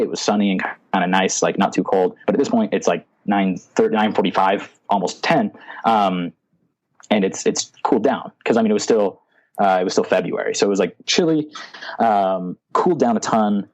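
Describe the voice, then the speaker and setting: A man's voice: on the low side, darkish tone. A young man telling a story in a rambling, casual way as a podcast guest, with lots of filler words.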